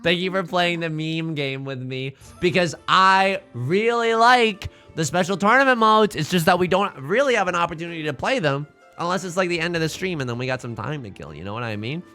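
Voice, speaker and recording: Lively bright-voiced male game streamer. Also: fairly high pitch, brisk, hardly any pauses, soft background music. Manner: animated, jokey, dramatic exclamations. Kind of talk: live game stream commentary.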